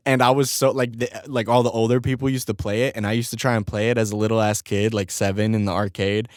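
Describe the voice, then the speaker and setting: Laid-back young man, lowish dry voice. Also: level tone, quick pace, dry recording. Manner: laid-back, profane, laughs often while telling stories. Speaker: podcast host. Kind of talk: casual solo podcast storytelling.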